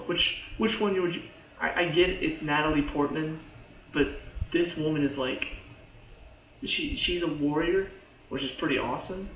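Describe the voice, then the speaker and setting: A man's voice: medium pitch, a bit bright. A man giving a casual, rambling recap of TV episodes as a reviewer, with lots of "like" and restarts. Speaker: TV show reviewer. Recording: echoey room, dull lo-fi sound.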